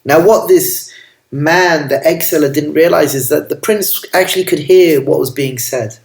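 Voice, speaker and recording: Gentle rabbi with a roomy echo. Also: male voice, fairly high pitch, moderate pace, vocal fry. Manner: gentle, affectionate, with Hebrew and Yiddish terms. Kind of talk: storytelling sermon.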